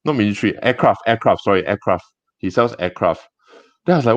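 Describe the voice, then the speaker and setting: A man with a Singaporean English accent, a gem business owner telling stories in a casual interview, chatty and halting with many restarts. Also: fairly low pitch, no room sound. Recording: dull dry lo-fi sound.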